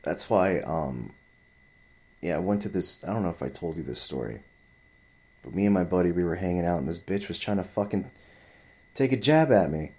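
A man's voice: low-pitched, animated, normal speed, long pauses, dark tone. A man in his twenties telling a story in a heated, profane, rambling rant. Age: 20s.

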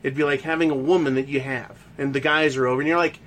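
A man's voice: mid-range voice, fairly even intonation, fast, fairly bright tone. A man delivering a crude, heated opinion rant, swearing constantly and mocking others.

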